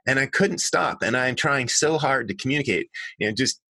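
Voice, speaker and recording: A middle-aged man, an author and designer, telling stories as an interview guest in an earnest, animated way that often corrects itself mid-sentence. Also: medium pitch, normal speed, gravelly, husky, no room sound. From United States. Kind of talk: conversational storytelling.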